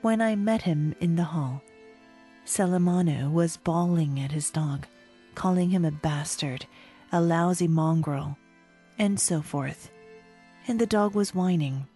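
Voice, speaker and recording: Woman narrator, husky, low and mellow, unhurried audiobook reading. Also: soft background music. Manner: slow, measured storytelling.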